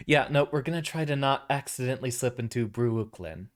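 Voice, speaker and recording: A man's voice: medium pitch, fairly quick. A man streaming a game, making self-deprecating, muttered asides. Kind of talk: casual game commentary.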